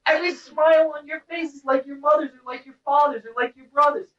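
High-pitched woman teacher going hard at her class, blunt, wailing out sounds, far off mic, dull lo-fi sound. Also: fairly even intonation, fast. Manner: intense, blunt, breaks into wordless vocal cries. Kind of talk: impassioned lecture to a class. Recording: roomy, distant, dull-sounding recording.

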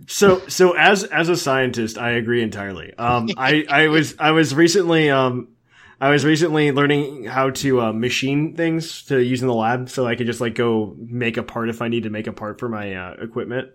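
A man co-hosting a casual podcast, who rambles eagerly and fills his speech with ums and uhs. His voice sits in an ordinary middle pitch. He keeps a loose, chatty flow. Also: moderate pace, a bit bright. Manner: enthusiastic, rambling with many fillers. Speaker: podcast co-host. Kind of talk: casual chat.

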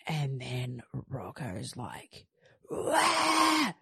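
A woman's voice: low-pitched, moderate pace, no echo, studio quality. An Australian woman in her thirties hosting a podcast, telling stories in a chatty way and acting out what she said. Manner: chatty storytelling, acting out her own lines. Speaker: podcast host. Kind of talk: casual chat.

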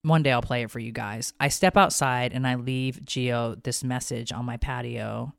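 A woman in her thirties tells a story on a podcast, emotional and animated, with plenty of swearing. Her voice is smooth and resonant. The studio sound is close and dry. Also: rumbling low, normal speed, no echo. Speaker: podcast co-host. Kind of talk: casual storytelling.

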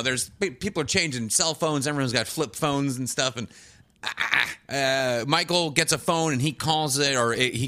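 A man's voice: medium pitch, sharp tone, dry recording. A man casually recapping a TV show on a podcast, rambling, swearing and laughing often. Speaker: podcast co-host.

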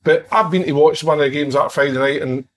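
A man's voice: on the high side, fairly even intonation, quick pace, fairly bright tone. A Scottish man, a former footballer, making earnest points in casual chat.

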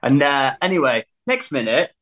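Male musician, animated storyteller, mid-range voice. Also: mid-range voice, moderate pace. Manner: animated, laughing storyteller who acts out quotes. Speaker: musician guest. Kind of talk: casual anecdote telling.

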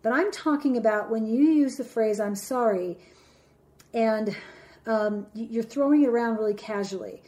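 In a reflective talk teaching about relationships, a woman speaks deliberately and at a measured pace, easing off the speed for emphasis. Her voice is warm and on the high side.

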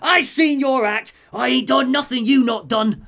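A man voicing a petty, vicious male crime boss in a Cockney accent, snarling threats and yelling insults. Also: extremely high pitch, a little slow, creaky, voice pushed up, heavily acted. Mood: shrill panic.

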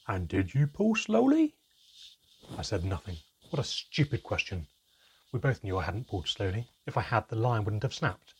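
A man reading a story aloud in measured, even scripted narration. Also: lowish voice, a little hiss or hum. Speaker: audiobook narrator.

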